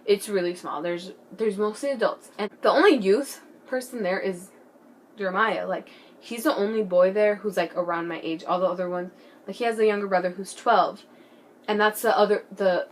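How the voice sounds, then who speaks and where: A teenage girl telling a story in a casual vlog, excitable and giggly, full of "like" and "bro", sometimes dropping to a hushed whisper. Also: medium pitch, normal speed, slight background noise. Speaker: vlogger.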